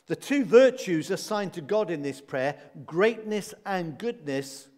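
A man's voice: high voice, lively intonation, unhurried, hardly any pauses, a little mellow. A man preaching a sermon, stressing and repeating key phrases to a congregation. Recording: long reverb of a hall.

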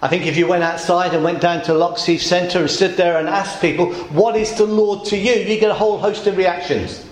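A man's voice: high voice, steady tone, brisk, hardly any pauses. A man preaching a sermon in a conversational way, asking the congregation questions. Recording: echoey church room.

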